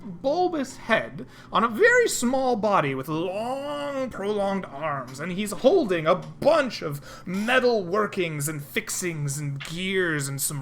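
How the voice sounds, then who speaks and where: Bright, lively game master woman. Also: mid-range voice, slight background noise. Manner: loose, filler-heavy narration. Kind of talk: narrating a tabletop game.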